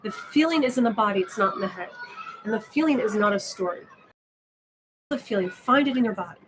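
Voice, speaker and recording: Woman meditation teacher talking softly, thinking out loud, steady hiss behind. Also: medium pitch, fairly quick, pauses often, rough recording. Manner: gentle, musing, with frequent "right?". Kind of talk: reflective meditation talk. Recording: steady background noise.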